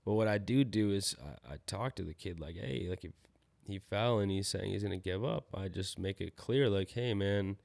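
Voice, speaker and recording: A young man talks loosely on his own podcast, with a low voice and a gravelly edge. He rambles, sometimes loses his train of thought, and sounds a bit tired. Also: moderate pace, darkish tone. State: tired, yawning. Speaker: podcast host. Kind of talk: casual solo podcast talk.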